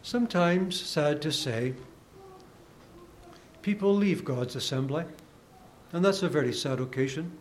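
Slow, high-voiced earnest male preacher. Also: slight background noise. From Canada. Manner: earnest, deliberate preaching with rising emphasis and soft drops. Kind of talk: sermon.

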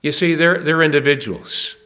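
A man's voice: fairly high pitch, normal speed, pushed and bright. A man preaching an evangelistic sermon at a church meeting, earnest and urging, with emphatic questions to the listeners.

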